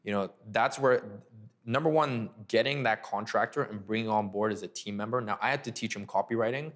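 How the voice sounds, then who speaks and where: Young man, low voice, animated storyteller. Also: a little fast. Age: young adult. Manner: animated, filler-heavy, acts out dialogue. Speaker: agency owner guest. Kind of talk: casual interview storytelling.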